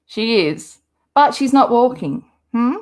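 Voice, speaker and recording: A woman's voice: on the high side, expressive, slow, a little mellow. An Australian woman hosting a livestream, chatting casually and rambling as she answers viewers' comments. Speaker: livestream host. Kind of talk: casual chat with live viewers.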